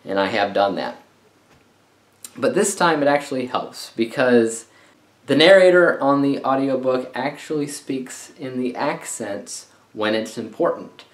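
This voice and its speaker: Male vlogger, casual book-review chatter, average pitch, room echo on the mic. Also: animated, measured pace. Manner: chatty and conversational, with frequent "uh" fillers. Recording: roomy echo.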